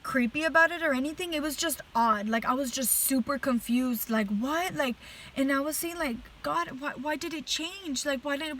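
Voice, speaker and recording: A woman telling a dream story straight to camera. Her voice sits a little high, and she talks in an earnest, animated way. She keeps filling her sentences with "like" as she tries to get the details across. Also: rough recording. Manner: chatty, heavy use of "like" fillers. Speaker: person giving a religious testimony.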